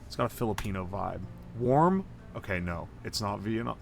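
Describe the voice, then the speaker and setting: Excitable, foul-mouthed man streaming. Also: lowish voice, normal speed, creaky, soft background music. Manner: excitable and profane, swearing and yelling in disbelief; reads out ingredient lists, then reins himself in to talk calmly. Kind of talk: live-stream gaming commentary.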